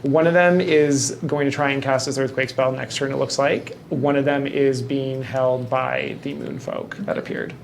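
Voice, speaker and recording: A man running a tabletop game as dungeon master, chatty and animated when he describes the action. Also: mid-range voice, normal speed, gravelly, hardly any pauses, slight background noise.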